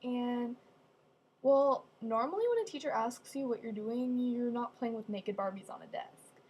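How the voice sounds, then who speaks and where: A young woman telling funny stories casually, with deadpan asides. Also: a little high, unhurried, slightly rough. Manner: chatty, deadpan asides, acts out quoted voices. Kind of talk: casual storytelling.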